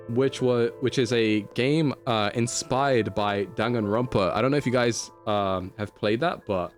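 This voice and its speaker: A man streaming a video game, chatty and playful, laughing often as he talks to his chat. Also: on the low side. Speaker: livestreamer.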